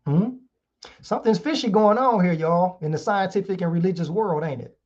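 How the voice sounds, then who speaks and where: This man hosts an online show, giving an impassioned, casual lecture in which he reads articles and keeps asking rhetorical questions. His voice is high and darkish, at normal speed, in dull lo-fi sound.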